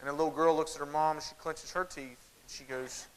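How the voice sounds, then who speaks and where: A man with a Southern American accent giving a humorous keynote talk to a large conference crowd, folksy and animated, addressing the audience directly. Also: on the high side, fast talker, slight background noise, rough recording.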